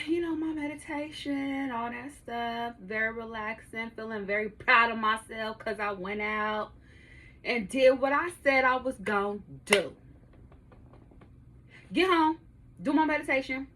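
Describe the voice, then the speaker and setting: A woman's voice: a little high, a little slow, bright, forceful tone. A woman in her thirties hosting her own podcast, telling a story to her listeners in a casual, profane way and laughing often, recorded in her home studio. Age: 30s. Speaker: podcast host.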